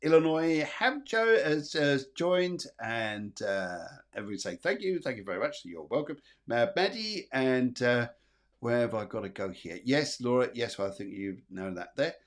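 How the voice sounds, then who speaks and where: A man's voice: medium pitch, very animated, normal speed. Chatty male psychic doing live readings. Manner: chatty, reassuring, many fillers and repeats; reads viewer comments aloud. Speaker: psychic medium.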